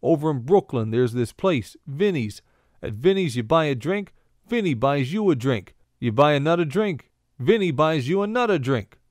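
A boastful Italian guy from Brooklyn talks up his favorite bar in a spoken joke, voiced by a man. The delivery is animated, and the sound is dry and close. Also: a little high, moderate pace, no room sound, close to an everyday voice.

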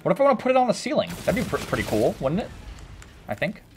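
Excitable man commentating a shooter game. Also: high voice, fast talker, a little hiss or hum. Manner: excitable, joking, sudden shouts. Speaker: gaming video creator. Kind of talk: gameplay commentary.

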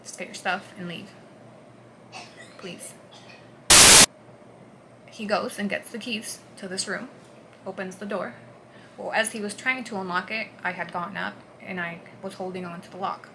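A woman speaks at a middle pitch, recounting her own story earnestly and haltingly. Her voice sinks to a hush at some moments and turns forceful at others. Clear background noise runs under the home recording. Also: steady tone. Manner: earnest, halting, swings between hushed and forceful. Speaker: vlogger. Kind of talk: personal storytelling.

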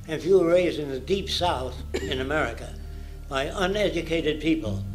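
A man's voice: a little high, animated, moderate pace, faint music behind, low-quality recording. A man in his nineties giving a public lecture in a blunt, provocative way. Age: 90s.

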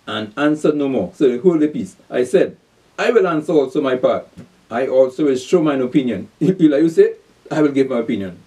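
Preacher with a lilt, distant mic. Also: male voice, medium pitch, warm tone. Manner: reads verses slowly then explains with rhetorical questions and laughs. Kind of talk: sermon, Bible reading and exposition.

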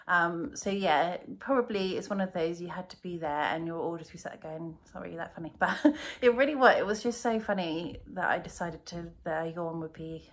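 A woman, a cross-stitch vlogger chatting casually to camera in a rambling, self-mocking way. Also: lowish voice.

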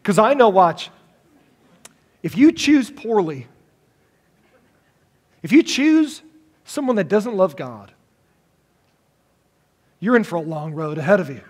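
Middle-aged pastor guy, pretty high voice, jokey, does little voices mid-sermon. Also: sing-song, slow, pauses often.

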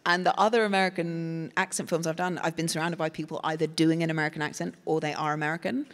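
A woman's voice: lowish voice, quick pace, few pauses. An English woman, a guest actress at a live panel, answering questions in a thoughtful, rambling way with many fillers and restarts. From England. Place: stage at a festival panel. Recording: reverberant hall from a live event.

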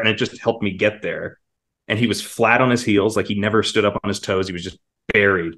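A man, a voice actor, chatting casually in an interview and now and then slipping into quick character voices. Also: lowish voice. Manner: relaxed, demonstrates character voices in passing. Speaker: voice actor guest.

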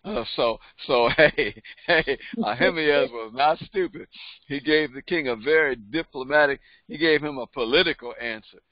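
A man's voice: a little high, normal speed, dry recording, dull audio. A pastor reading scripture aloud and then explaining it in plain conversational speech, often repeating words as he goes. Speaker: pastor and Bible teacher.

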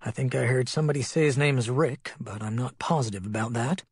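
A man's voice: mid-range voice, fast talker, slightly rough, dry recording, studio quality. A man playing a skeptical, sardonic middle-aged doctor with a cutting way of speaking. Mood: brisk.

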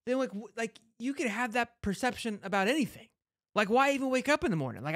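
A man's voice: sits high, very animated, quick pace, fairly bright tone, no echo, studio quality. A man hosting a sports podcast in casual, fired-up fan talk, brash and swearing, piling on "like" and restarts.

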